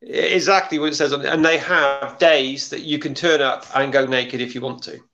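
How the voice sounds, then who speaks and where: A man's voice: medium pitch, steady tone, moderate pace, gravelly, muffled recording. A man chatting casually as a guest, dry and understated. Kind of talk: casual chat.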